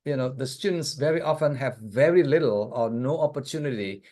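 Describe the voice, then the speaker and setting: A man speaking as guest on language teaching in a casual online discussion, relaxed and thinking aloud with many fillers. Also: medium pitch, a little fast. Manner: relaxed, frequent "yeah" and "you know", thinks aloud.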